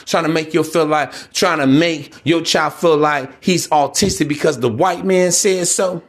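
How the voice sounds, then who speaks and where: A man's voice: on the high side, steady tone, normal speed. A man hosting a solo podcast, ranting in a blunt, preachy, profane way. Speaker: podcast host.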